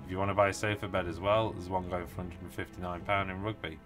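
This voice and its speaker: A man's voice: sits low, little pitch movement, fast, over music. A British man hosting a live stream about tabletop wargaming, chatting casually and enthusiastically with many fillers while tired from little sleep.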